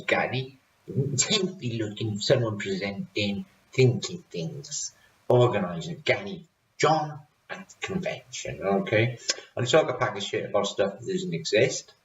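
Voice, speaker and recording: Welsh man, low voice, roomy dull recording. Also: animated, unhurried. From Wales. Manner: chatty, rambling, laughs a lot. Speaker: channel host. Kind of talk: casual vlog recap. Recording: roomy, distant, dull sound.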